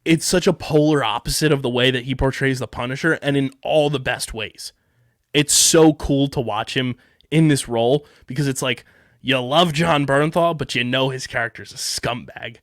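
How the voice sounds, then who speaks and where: A man's voice: mid-range voice, normal speed, a bit bright, no room sound, studio quality. Enthusiastic, rambling male podcast co-host. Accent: Philadelphia area. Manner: rambling, enthusiastic, many fillers and restarts. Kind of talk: casual show review chat.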